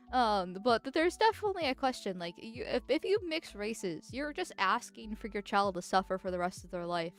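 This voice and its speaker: A political vtuber streamer chatting casually and reading chat, speaking through a voice changer in a rambling, giggly way. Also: mid-range voice. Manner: rambling and giggly, with frequent restarts.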